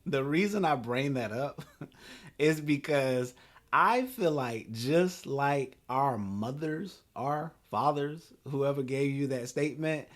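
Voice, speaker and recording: A man in his thirties hosting a talk show, telling a story in an animated, laughing way. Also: medium pitch, takes it slowly. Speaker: podcast host.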